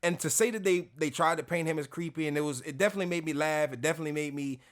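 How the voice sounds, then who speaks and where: A man co-hosting a casual podcast chat, telling stories in an animated, slangy way with plenty of cursing. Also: on the high side, very fast. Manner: profane, animated, slangy storytelling. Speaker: podcast co-host.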